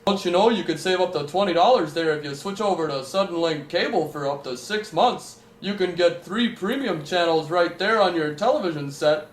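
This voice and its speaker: A man putting on the voice of a pushy male cable salesman in a fast sales pitch, in an echoey room. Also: expressive.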